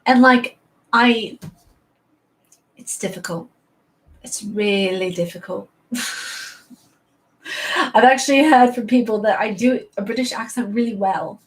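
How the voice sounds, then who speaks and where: A woman's voice: on the high side, a little slow, long pauses. A tired woman from New chats casually as a host. She rambles and often laughs as she talks. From New York. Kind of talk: casual chat.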